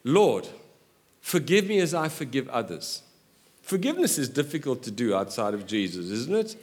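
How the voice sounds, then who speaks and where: A middle-aged man preaching a sermon in an animated way, joking with quick asides. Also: mid-range voice. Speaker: pastor.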